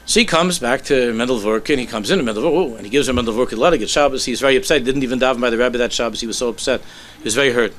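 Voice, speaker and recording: A man, a rabbi, telling a story in a sermon with animated delivery that sinks to soft, low tones. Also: rapid-fire, few pauses.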